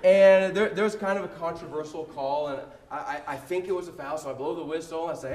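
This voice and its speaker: A man giving a sermon built around a personal story, told in a humorous, animated way. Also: fairly high pitch, a little fast, few pauses. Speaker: preacher. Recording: roomy echo.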